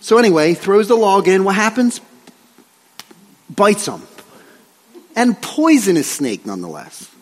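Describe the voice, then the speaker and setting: A male pastor preaching a sermon in a joking, animated way, often asking the congregation questions. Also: high-pitched, a little slow, pauses often. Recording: long hall reverb.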